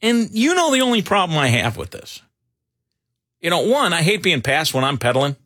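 Jokey middle-aged man, lively bright voice. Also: on the high side, fairly quick, no room sound, studio quality. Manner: rambling, jokey, full of fillers. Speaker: radio show host. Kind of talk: casual banter.

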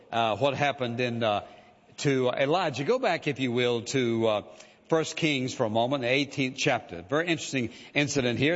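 Preacher with a reverberant, muffled sound. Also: male voice, medium pitch. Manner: conversational preaching with many "uh" fillers and "listen" asides. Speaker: pastor. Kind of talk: sermon. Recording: reverberant hall, dull lo-fi sound.

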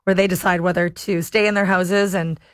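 A woman's voice: fairly low pitch, flat delivery, a little fast, no room sound, studio quality. A woman hosting an afternoon radio show, chatting in an amused, easy way and reading the time and weather. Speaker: radio host. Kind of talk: casual radio chat. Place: radio studio.

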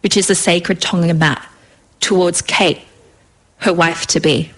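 Lower-pitched woman telling a story. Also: steady tone, measured pace, a bit bright. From Australia. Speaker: author reading her story. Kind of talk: live story reading.

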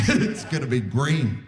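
A man in his forties from Canada doing a live stand-up comedy set, self-mocking and acting out quick voices. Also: medium pitch, very animated. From Saskatoon, Canada. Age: 40s. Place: live comedy venue with audience.

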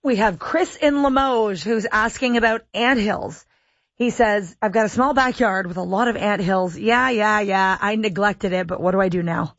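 A woman's voice: mid-range voice, moderate pace, fairly bright tone, no echo, muffled recording. A woman radio host reading listener questions aloud and teasing her guest in a playful way. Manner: playful, reads messages aloud and teases.

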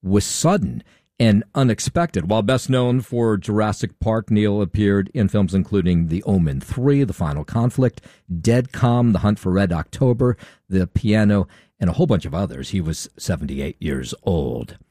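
A man anchoring a morning radio newscast, reading headlines, markets and traffic in a brisk, matter-of-fact way. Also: on the low side, animated, dark tone, dry recording, clean studio sound. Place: radio studio. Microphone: studio microphone.

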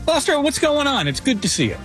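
A man guesting on a casual sports chat, upbeat and relaxed. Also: very high voice, quick pace, faint music behind. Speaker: guest, graphic artist and author.

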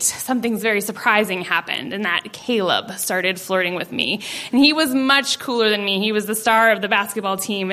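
A young woman telling a personal story live on stage, animated and self-mocking, often laughing through her lines. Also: on the high side. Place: stage at a story slam before an audience.

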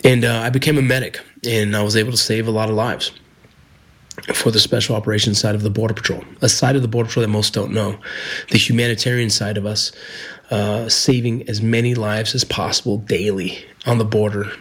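A man's voice: lowish voice, level tone, fairly quick, husky. A middle-aged man, a former border agent and medic, telling a personal story in an earnest, heartfelt way.

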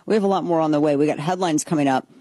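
A woman's voice: low voice, very fast, no echo. Sarcastic woman hosting political commentary, dry sound. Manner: sarcastic, animated, blunt. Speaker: political talk show host. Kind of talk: opinionated commentary.

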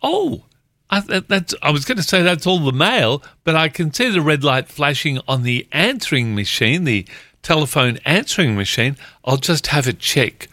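A man's voice: a little high, very animated, normal speed, bright, forceful tone, dry recording, studio quality. A man hosting a casual community radio show, reading listener jokes and letters aloud in a joking way. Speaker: radio host.

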